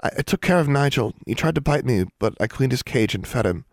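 A man voicing Anna, an anxious teenage girl roommate, in a high, tearful, rushed voice in an audiobook. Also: lively intonation, vocal fry, no echo. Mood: eager.

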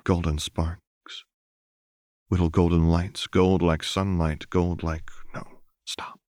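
Deep-voiced male audiobook narrator. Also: level tone, a little mellow, dry recording, clean studio sound. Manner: slow, measured, dramatic reading. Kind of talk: scripted fan fiction narration.

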